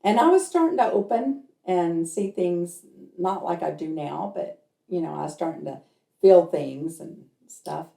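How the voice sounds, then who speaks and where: A woman's voice: on the low side, lively intonation, a little slow, creaky, warm tone. A woman who works as a medium tells a personal story in a chatty way and acts out the people in it. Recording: roomy echo.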